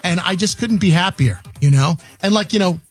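A man's voice: high voice, brisk, faint music behind. A man chatting casually on a radio show, stumbling and repeating words as he talks about his family. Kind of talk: casual chat.

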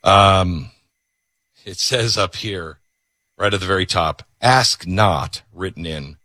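A male talk radio host with a bright, slightly husky voice, recorded close and dry in a studio. He talks in an animated, mocking way, swinging his pitch up and down. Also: slow, dry recording. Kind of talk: opinionated talk radio monologue.

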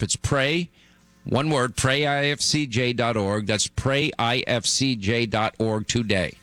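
Middle-aged guy hosting talk radio, dry studio sound, gets worked up fast. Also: mid-range voice, fairly bright tone, no room sound. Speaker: radio talk show host.

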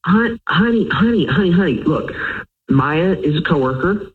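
Brief: husband on a phone line, thin tinny sound, defensive, stumbles over words. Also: male voice, fairly high pitch, lively intonation, normal speed, husky. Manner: hesitant, stammering, defensive.

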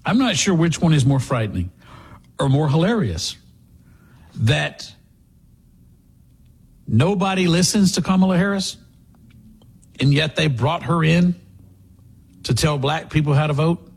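A man hosting a talk radio show, speaking in a sarcastic, animated, mocking way. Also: a little high, normal speed, pauses often, husky.

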